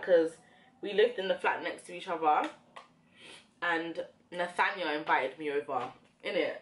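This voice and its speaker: A young adult beauty vlogger with a low voice chats casually while doing her makeup, speaking at a measured pace. She's reflective and rambling, with plenty of fillers.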